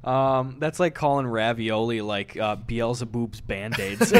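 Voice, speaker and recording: A man's voice: mid-range voice, clear, resonant tone. A young man co-hosting a casual podcast chat, joking and swearing and laughing often. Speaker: podcast co-host.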